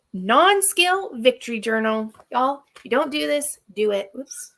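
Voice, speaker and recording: A woman hosts a live question-and-answer stream in an easy, chatty way. Her voice sits fairly high with a gravelly, fry-touched edge. She gives practical advice and hammers her main points home by repeating them. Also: animated, a little slow, few pauses, a bit bright. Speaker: channel host. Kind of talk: live Q&A chat.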